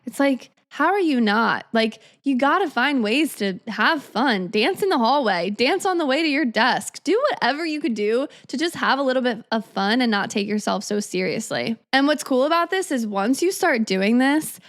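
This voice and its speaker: Young woman, twenties, slightly high voice, upbeat, chatty, casual podcast monologue. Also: expressive, moderate pace, hardly any pauses. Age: 20s. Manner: upbeat, chatty, lots of "like" fillers. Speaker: podcast host.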